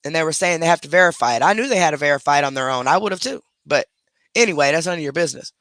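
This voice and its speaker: A woman's voice: sits low, expressive, racing, a bit bright, dry recording. A woman hosting a livestream, reacting defensively and with sass to a critic. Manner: defensive, sassy, chatty. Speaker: livestream host.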